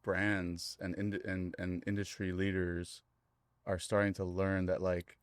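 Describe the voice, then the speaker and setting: A male podcast host with a very deep, even voice that hardly moves in pitch. He asks questions haltingly and keeps his replies short and steady. The recording is close and dry. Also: smooth, dry recording. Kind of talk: casual podcast interview.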